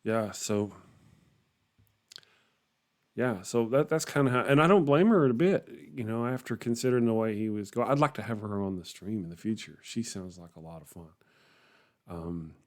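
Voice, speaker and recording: A man's voice: lowish voice, normal speed. A man hosting a morning livestream, chatting casually with viewers in a rambling way, often chuckling and trailing off. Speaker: livestream host. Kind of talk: casual chat reacting to viewer comments.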